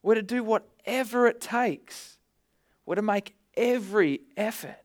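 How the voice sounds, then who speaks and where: A man's voice: high voice, measured pace. A man preaching a sermon, conversational with bursts of energy, often repeating words.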